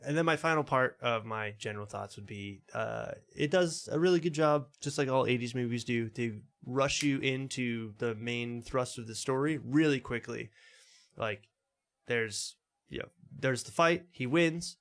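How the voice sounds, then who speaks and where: A man's voice: mid-range voice, measured pace, fairly bright tone. A man co-hosting a casual podcast, rambling with hedging asides as he chats. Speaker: podcast co-host. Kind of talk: casual chat.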